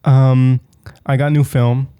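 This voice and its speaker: A man's voice: mid-range voice, little pitch movement, slow, mellow, clean tone. A young man co-hosting a podcast, telling stories in a rambling way full of fillers. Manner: rambling, filler-heavy storytelling. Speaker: podcast co-host. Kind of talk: casual chat.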